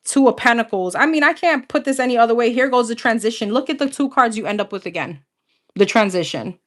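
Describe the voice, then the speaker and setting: A young adult woman gives a casual tarot reading, naming cards one after another, chatting with viewers, and laughing often. Her voice is on the high side, fast, and fairly bright.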